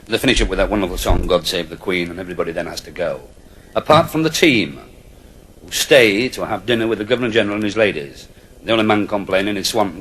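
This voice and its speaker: An older man works the room with comic anecdotes, chuckling through his own punchlines. His voice sits low yet swoops lively from phrase to phrase. The live recording carries a steady hiss of noise. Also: rough recording. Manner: wry, chuckling raconteur. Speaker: after-dinner speaker.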